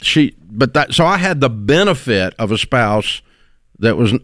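A man's voice: mid-range voice, sing-song, a little slow, a bit bright, dry recording, studio quality. A middle-aged man hosting a call-in advice show, folksy, blunt and encouraging. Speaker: radio show host giving advice. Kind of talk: call-in radio advice talk.

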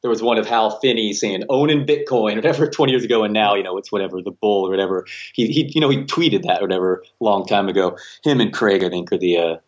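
Easygoing, agreeable podcast co-host; a man with a deep voice on a dull remote line. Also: quick pace, hardly any pauses. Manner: easygoing, agreeable, with many short acknowledgements. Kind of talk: casual podcast chat.

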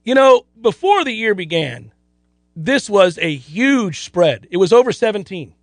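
A man with a notably high voice runs through his betting picks in casual, rambling podcast talk. He circles back on himself, stumbles over words and laughs often. The sound is close and completely dry, with no room around it. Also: very animated, a little slow, dry recording. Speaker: sports betting co-host. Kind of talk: casual sports betting chat.

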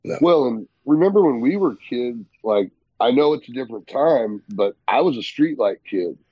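A man's voice: mid-range voice, animated, moderate pace, slightly rough, no echo, lo-fi sound. A man co-hosting a podcast, casually telling easygoing stories from his past. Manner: easygoing, nostalgic storytelling. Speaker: podcast co-host.

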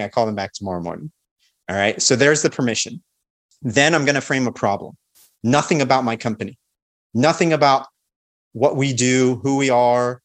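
A confident man talks through sales tactics as a guest on a podcast. His pitch sits in an ordinary middle range, and he keeps an energetic teaching manner, briefly acting out the calls he describes. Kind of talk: podcast interview.

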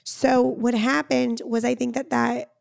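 A woman co-hosting a podcast, her voice raspy and hoarse from losing it, chatting casually, swearing freely and telling stories. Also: fairly high pitch, little pitch movement, measured pace, a little mellow, no echo, clean studio sound. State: hoarse, lost voice. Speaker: podcast co-host. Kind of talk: casual chat.

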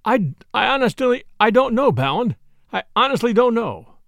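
A man's voice: sits high, sing-song, normal speed, creaky, no room sound, dull audio, exaggerated voice. A man voicing a shaken middle-aged male sheriff who stammers and falters.

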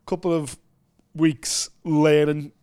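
A man co-hosting a casual fight-sports chat, gushing and excitable, quick to heap praise on fighters. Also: on the high side, clear, resonant tone. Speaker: podcast co-host.

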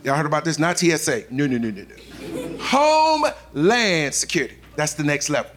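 A man doing a profane, animated stand-up comedy set in front of a live audience, acting out the people in his stories. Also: on the high side, normal speed. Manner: animated storytelling, profane, acts out characters. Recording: live club set with loud crowd laughter.

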